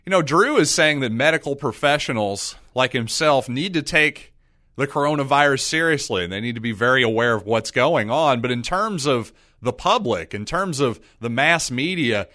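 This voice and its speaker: A middle-aged man hosting his own podcast, talking through his views with sarcastic, animated asides and mocking impressions. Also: medium pitch, moderate pace, no room sound, clean studio sound. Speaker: podcast host. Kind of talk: casual solo commentary.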